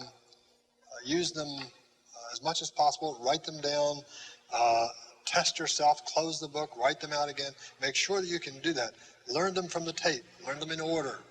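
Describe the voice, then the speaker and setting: Older male lecturer, a little high-pitched, patient classroom delivery with many fillers. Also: a bit bright, poor audio. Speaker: Greek teacher.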